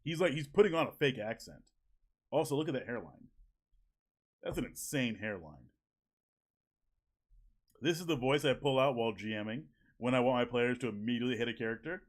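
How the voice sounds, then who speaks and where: A man's voice: mid-range voice, lively intonation, normal speed, long pauses. A man streaming from home, chatting casually with viewers, joking, swearing and laughing often. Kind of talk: casual live-stream chat reacting to viewers. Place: home at evening.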